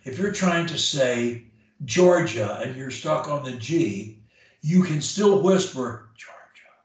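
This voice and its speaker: A medium-pitched man coaches one client in speech drills, talking slowly with lively intonation and emphatically demonstrating each exercise. The sound comes from a far-off mic in a room full of echo.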